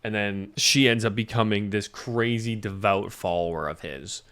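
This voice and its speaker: A man's voice: lowish voice, steady tone, normal speed, a bit bright, smooth. A young man rambling casually about an anime movie, swearing freely and laughing often. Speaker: YouTuber reviewing an anime film. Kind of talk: casual chat.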